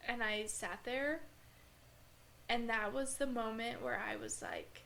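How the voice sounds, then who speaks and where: A woman recounting a painful personal experience in an earnest, halting way, with many fillers. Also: on the high side, vocal fry, fairly bright tone, a little hiss or hum. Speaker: podcast guest. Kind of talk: emotional personal storytelling.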